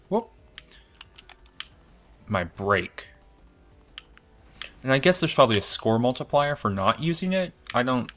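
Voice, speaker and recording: Excitable low-voiced man commentating a game. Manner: excitable, self-deprecating, thinks aloud. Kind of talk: let's-play commentary.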